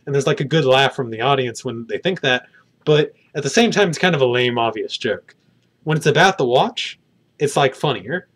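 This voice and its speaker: A man giving a casual spoken film review outdoors, rambling and hedging with many fillers. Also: mid-range voice.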